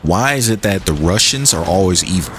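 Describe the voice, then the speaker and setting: A man's voice: deep voice, fairly quick, a little hiss or hum. A young man chatting casually and joking with his chat while he plays a game on a stream. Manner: animated, joking, reads and answers chat. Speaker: gaming streamer.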